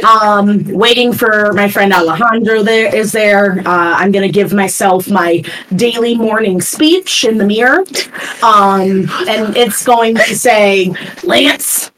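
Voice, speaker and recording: A woman's voice: mid-range voice, steady tone, measured pace, a bit bright, rough recording. A woman describing her character's actions in a casual tabletop game, hesitant and full of fillers. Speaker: player.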